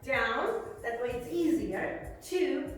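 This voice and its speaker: A woman with a high, expressive voice teaches a beginner belly dance class online, unhurriedly explaining moves and counting beats aloud as she demonstrates. A phone camera captures her from a distance in a very echoey room, so her voice sounds far off, with faint music playing.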